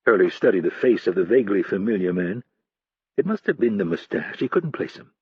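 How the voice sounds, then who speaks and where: A man narrating a thriller audiobook in a measured, steady way. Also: lowish voice, slightly rough, no echo, highs cut off.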